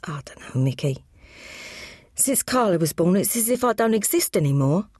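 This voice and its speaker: A woman voicing an unhappy, soft-spoken young husband, quiet and dejected. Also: fairly low pitch, sing-song, normal speed, no room sound, clean studio sound.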